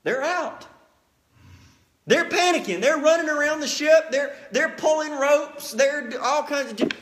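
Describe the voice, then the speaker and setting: A man preaching a sermon, telling Bible stories with lively acted-out scenes and plain, folksy asides. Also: very high voice, a little slow. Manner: animated storytelling, acts out scenes.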